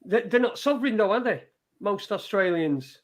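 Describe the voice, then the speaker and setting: Guy with a high voice on a video call, casual, swears a bit, asks lots of questions. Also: expressive, moderate pace. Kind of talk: casual chat.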